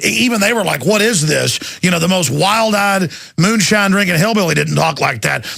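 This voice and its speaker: A man hosting a talk radio interview, forceful and ranting in a gravelly voice. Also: sits high, dry recording, studio quality. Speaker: host.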